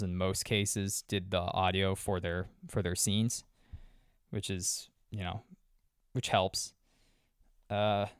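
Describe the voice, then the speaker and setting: A man's voice: fairly low pitch, clean tone, no echo, studio quality. A young man recapping a movie in loose, profane casual chat, full of fillers and restarts. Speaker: podcast host reviewing a movie. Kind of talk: casual rambling film recap.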